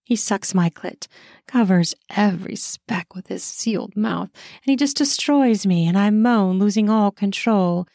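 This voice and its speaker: Dark-voiced woman narrating an audio story. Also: medium pitch, unhurried, dry recording, clean studio sound.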